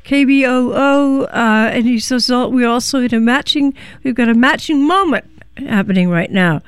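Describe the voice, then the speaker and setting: A woman hosts a community radio show, moving between an interview and a membership pitch. Her voice is slightly high, smooth and clear, and it is close and dry on a studio microphone. She talks haltingly, with frequent fillers and pauses. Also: no room sound.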